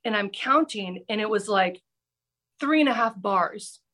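A middle-aged woman, a former TV news reporter, telling a personal story on a podcast with animated, dramatic delivery. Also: medium pitch. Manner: animated, breathless anecdote-telling with dramatic pauses. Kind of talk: casual storytelling.

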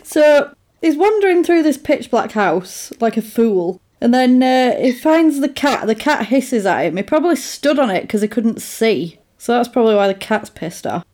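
A woman's voice: fairly high pitch, moderate pace. A woman chatting casually, retelling a film plot and acting out the characters' lines as she goes. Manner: animated storyteller, acts out lines with laughter.

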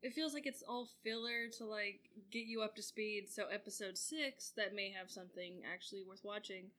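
A woman's voice: mid-range voice, steady tone, normal speed, sharp tone. A woman co-hosting a podcast in casual chat, making laid-back, dry remarks with trailing sentences. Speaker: podcast co-host.

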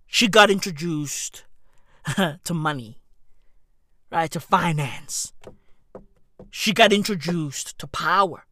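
A woman delivering a profane comedic rant, full of slang, dropping into low mutters and then bursting into shouts. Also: slow, long pauses. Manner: slangy and repetitive, heavy swearing. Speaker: comic ranter.

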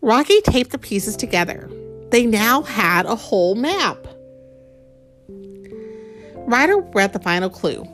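A woman reading a picture book aloud to a child, gently explaining words and asking questions along the way. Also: medium pitch, expressive, unhurried, long pauses, soft background music. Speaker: storyteller.

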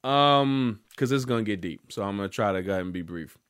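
A man's voice: fairly low pitch, expressive, quick pace, fairly bright tone, smooth. A young man ranting casually as a gaming vlogger, rambling and profane.

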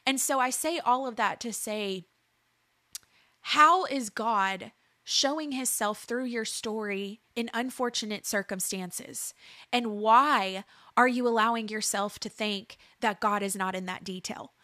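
A woman's voice: fairly high pitch, unhurried, bright, forceful tone, no echo, studio quality. A woman in her thirties giving an earnest preaching testimony, building emphasis through repeated phrases. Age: 30s. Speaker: speaker sharing a faith testimony.

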